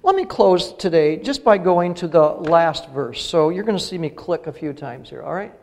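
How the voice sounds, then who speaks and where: A middle-aged pastor preaches in a church sanctuary, his voice pitched on the high side with a sing-song lilt, a gravelly texture, and a slightly mellow tone at a moderate pace. He's earnest, building to emphatic peaks on key phrases, and the recording carries the long reverb of a church hall.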